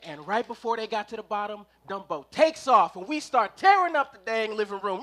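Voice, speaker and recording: A man giving a storytelling sermon at a live service. His voice sits very high, and he acts out scenes, swinging from loud bursts to near-whispers. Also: normal speed, hardly any pauses. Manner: animated, acting out scenes, swings from loud to hushed. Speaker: preacher at a spiritual center.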